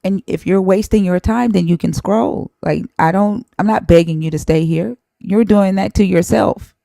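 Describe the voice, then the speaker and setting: Blunt, profane woman with a gravelly voice. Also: mid-range voice, moderate pace, dark tone, no room sound, clean studio sound. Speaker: live stream host. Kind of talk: heated live-stream debate.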